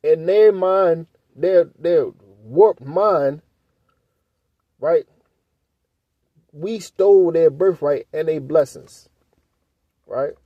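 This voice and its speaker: A man's voice: fairly high pitch, very slow, pauses often, dry recording, muffled recording. A man leading a casual scripture study, reading verses aloud and breaking into loose, blunt commentary that he often ends with a questioning "right?". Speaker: Bible teacher.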